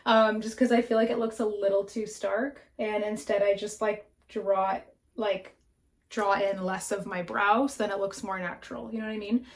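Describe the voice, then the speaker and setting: A woman's voice: medium pitch, flat delivery, moderate pace. A young woman talks through her makeup routine in front of a mirror at home, frank and chatty, with swearing dropped in casually. Her breathing runs a little heavy, and the camera mic picks it up. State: breathing heavily. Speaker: beauty vlogger. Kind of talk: casual makeup tutorial chat.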